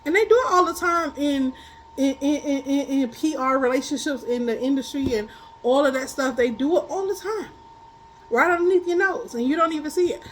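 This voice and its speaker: Woman, high voice, tarot reader, casual storyteller, quick to laugh, blunt and colloquial. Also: slight background noise, rough recording. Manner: animated, laughs often while telling stories. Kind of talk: casual spiritual chat.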